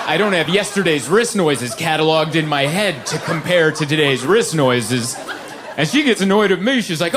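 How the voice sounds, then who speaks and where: A young man performs stand-up at a comedy club, his voice sitting somewhat high and swooping all over as he tells stories and mimics people in squealing tones. The live recording has clear background noise and audience laughter. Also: moderate pace. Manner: animated storytelling, acts out high squealy quotes.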